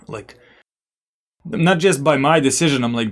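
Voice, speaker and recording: A young man from Serbia with a Serbian accent, casually telling stories as a podcast guest, animated and swearing now and then. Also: medium pitch, normal speed. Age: young adult. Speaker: podcast guest, former college basketball player. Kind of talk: casual storytelling interview.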